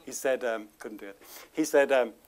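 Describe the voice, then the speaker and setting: A man of ordinary pitch delivers an informal lecture to a live audience. His talk is chatty and full of self-deprecating asides and small laughs. He leans hard on each item when he runs through a list of words. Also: normal speed. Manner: chatty, laughs often between remarks.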